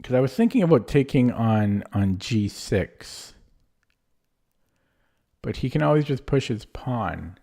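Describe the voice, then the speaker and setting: A man's voice: medium pitch, big pitch swings, unhurried, vocal fry, pauses often, dark tone. A young man streaming himself playing chess, rambling and self-deprecating as he thinks aloud in casual commentary.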